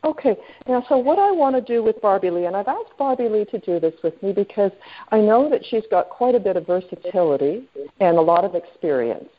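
Heard through a tinny phone connection, a woman runs a sales training call at a brisk clip. Her voice is mid-range and expressive; she talks casually, uses many fillers, and keeps checking in with the group in a friendly way.

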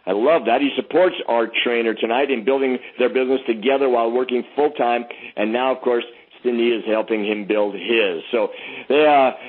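A man's voice: mid-range voice, moderate pace. A man hosting a conference call, introducing a guest with effusive praise and frequent restarts. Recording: phone-line conference call.

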